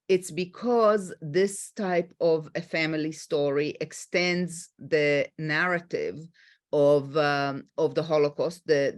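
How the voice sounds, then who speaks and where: Israeli woman moderating a panel, low voice, slow and halting, lots of ums. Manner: slow, halting, many fillers.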